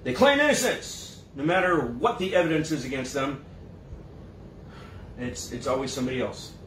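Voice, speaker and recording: A man's voice: medium pitch, animated, moderate pace, a bit bright, slight background noise. A man preaching a casual sermon, now and then acting out quoted voices with a mocking lilt. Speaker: pastor. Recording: echoey room, mic at a distance.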